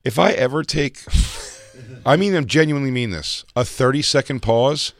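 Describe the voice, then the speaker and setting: A man's voice: medium pitch, animated, normal speed, vocal fry. A man co-hosting a casual comedy podcast, joking and reading news items aloud. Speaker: podcast co-host.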